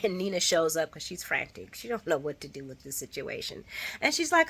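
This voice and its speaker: A woman giving a casual, opinionated recap of a soap opera, chatting in slang and acting out the characters' lines with big jumps in pitch. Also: sing-song, brisk, fairly bright tone, slightly rough.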